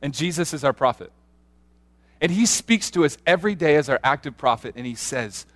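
A man preaching a sermon as a pastor, earnest and animated, often restarting his sentences as he tells stories. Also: on the high side, a little fast.

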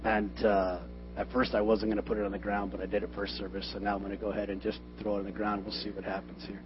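A man preaching a sermon in a church, animated and joking, with loud emphatic bursts. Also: fairly low pitch. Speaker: pastor. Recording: dull lo-fi sermon recording with faint music.

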